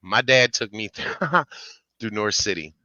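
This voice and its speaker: Profane, laughing man with a bright voice. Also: on the low side, a little slow, no echo, low-quality recording. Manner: animated, profane, laughs through stories. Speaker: podcast co-host. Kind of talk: casual storytelling chat.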